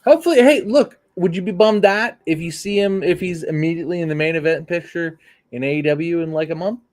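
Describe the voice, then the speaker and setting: A man co-hosting a casual wrestling podcast, talking in an excitable, rambling way and swearing freely. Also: fairly high pitch, a little fast. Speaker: podcast co-host.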